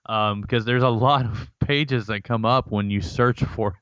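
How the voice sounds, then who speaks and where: A man's voice: on the low side, steady tone, a little slow, fairly bright tone, no echo, muffled recording. A man co-hosting a podcast in casual chat, laid-back and sardonic. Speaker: podcast co-host.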